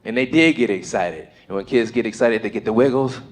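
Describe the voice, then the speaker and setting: A man performing a stand-up comedy set on a comedy stage into a handheld mic, talking in loud, punchy bursts and swearing freely. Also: mid-range voice, brisk.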